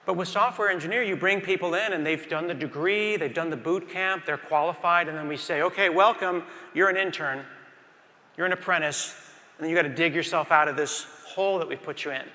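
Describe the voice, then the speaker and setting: A man's voice: on the high side, quick pace, few pauses. A middle-aged man giving a conference keynote on a large stage, telling stories animatedly and talking straight to the crowd. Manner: animated storytelling, acts out scenes, addresses the crowd. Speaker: keynote speaker. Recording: reverberant conference hall.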